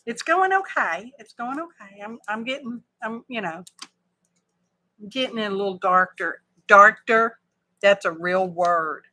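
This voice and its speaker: A woman's voice: mid-range voice, measured pace, pushed and bright. A woman hosting a craft livestream, chatting casually and thinking aloud with folksy asides.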